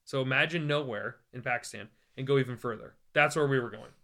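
American male evangelist, guest storyteller, bright tone, animated and humorous. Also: medium pitch, quick pace. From United States. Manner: animated, joking, acts out quoted voices. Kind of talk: conversational storytelling.

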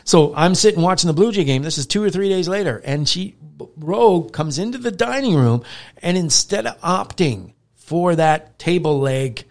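A man co-hosting a casual podcast as a dog trainer, telling animated stories and acting out growls and praise. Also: on the high side. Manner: animated storyteller who acts out growls and praise.

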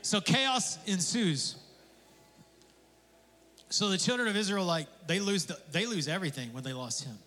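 A man preaching a sermon as pastor, conversational and animated, with casual asides and jokes. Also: high-pitched, moderate pace, pauses often. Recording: long hall reverb.

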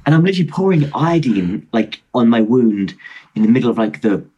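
A man in his twenties from Britain, an excitable, animated storyteller chatting casually as a podcast guest over a video call. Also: mid-range voice, brisk, lo-fi sound, slight background noise. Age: 20s. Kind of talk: casual chat.

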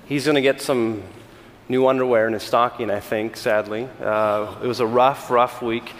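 A middle-aged man from California, a senior pastor giving a conversational sermon with animated, self-deprecating storytelling and frequent restarts. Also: mid-range voice, normal speed, big-room sound, slight background noise.

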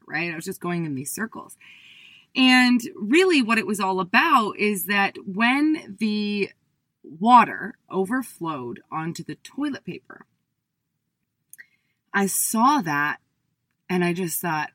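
A woman in her thirties giving a talk, telling a personal story with lively acted-out quotes of her past self. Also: measured pace, no echo. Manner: animated, acts out her own past voice in high bursts. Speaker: speaker.

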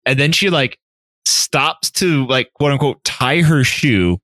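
A man's voice: medium pitch, expressive, takes it slowly, pushed and bright, no room sound, clean studio sound. A man co-hosting a podcast, recapping a book in casual chat with lots of "like" and swearing. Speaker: podcast co-host.

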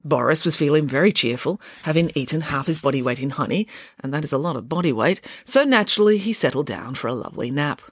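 A woman reading her own children's story aloud, with a playful, wry and expressive delivery. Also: low-pitched, fast, slightly rough, no echo, studio quality.

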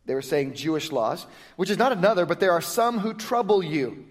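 A male pastor giving a sermon in a conversational, lively style, often restarting phrases as he explains. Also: sits high, fairly quick. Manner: conversational, lively, self-correcting preaching. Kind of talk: sermon with prayer and Bible teaching.

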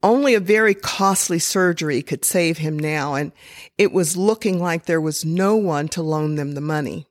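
A woman telling a true story in a slow, deliberate, expressive sermon style. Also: low-pitched, dry recording, clean studio sound.

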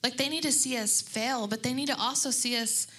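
Bright-voiced woman, animated storyteller. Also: fairly high pitch, fairly quick. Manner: animated storyteller who acts out quotes. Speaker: panelist speaking to moms. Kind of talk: faith-based panel talk. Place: room with an audience.

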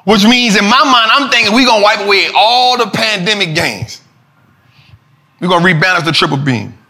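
Animated high-voiced man talking markets. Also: normal speed. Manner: animated, preachy, slangy, repeats lines for emphasis. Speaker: finance show host. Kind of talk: casual market commentary.

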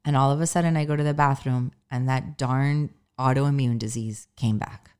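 Her voice is very deep, darkish and clean, with a steady tone at normal speed. A middle-aged woman on her own podcast, she speaks candidly and emotionally in a chatty monologue, leaning on "like" and "um" and sometimes nearly crying.

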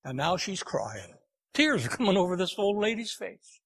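A man's voice: high voice, very animated, normal speed, slightly rough, low-quality recording. A male preacher giving an evangelistic sermon, telling an anecdote in an earnest, emphatic way.

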